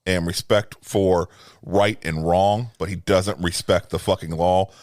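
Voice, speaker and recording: A man's voice: sits low, steady tone, measured pace, darkish tone, no room sound, clean studio sound. A man co-hosting a podcast, arguing his reading of a film emphatically with plenty of swearing. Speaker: podcast co-host. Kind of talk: casual movie review chat.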